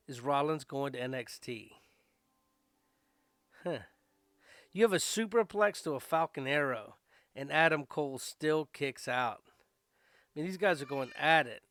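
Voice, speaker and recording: A man's voice: a little high, fairly bright tone, clear, resonant tone, no room sound, studio quality. A man hosting a podcast, recapping wrestling shows in a loose, chatty way full of fillers and asides. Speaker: podcast host.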